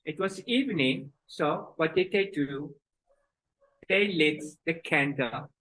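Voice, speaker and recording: A woman teaching children's breathing exercises and telling a story, with halting speech and fillers. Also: sits low, a bit bright, rough recording. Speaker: kids yoga teacher.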